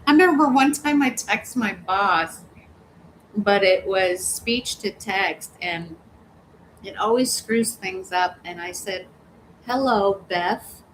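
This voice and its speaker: A woman's voice: mid-range voice, slow pace, slight background noise, rough recording. A woman hosting a casual livestream, reading viewer comments aloud, laughing often and cussing freely. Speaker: livestream host. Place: home, hot weather.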